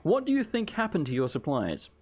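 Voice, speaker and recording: A man hosting a let's play, giving joking, chatty commentary and reacting loudly to the game. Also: a little high, wildly swooping pitch, fairly quick, over a noisy crowd. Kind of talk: gameplay commentary.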